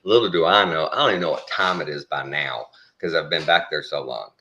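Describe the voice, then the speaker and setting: Deep-voiced man telling a lively story. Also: fairly quick, a little hiss or hum. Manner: animated storyteller who jumps into high voices when quoting others. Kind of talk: casual storytelling chat.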